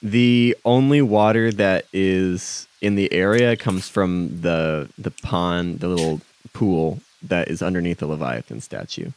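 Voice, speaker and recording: Man, game master, slow unhurried delivery, lower pitch, halting with restarts. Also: a little mellow. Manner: halting, lots of ums and restarts. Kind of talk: narrating a tabletop game.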